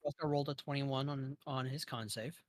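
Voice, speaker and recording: A man narrating as game master of a tabletop game, describing scenes slowly with fillers and pauses. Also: mid-range voice, fairly even intonation, no echo.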